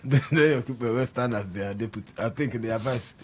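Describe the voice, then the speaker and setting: A man's voice: mid-range voice, unhurried, breathy edge. Nigerian pidgin radio guy, jokey banter, medium voice. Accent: Nigerian Pidgin English. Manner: jokey, laughing, loud announcer bursts. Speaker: radio co-host.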